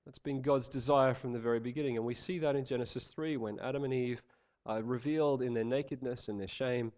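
A man preaching a sermon, praying and reading scripture in an earnest, measured way, slightly nasal from a head cold. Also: medium pitch, fairly even intonation, a little mellow. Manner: earnest, measured, some fillers.

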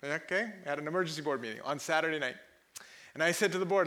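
A man preaching a sermon, telling a story animatedly and acting out the people in it with loud bursts of laughter. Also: a little high, fast. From Pakistan. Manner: animated, laughing, acts out quoted people loudly. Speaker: pastor.

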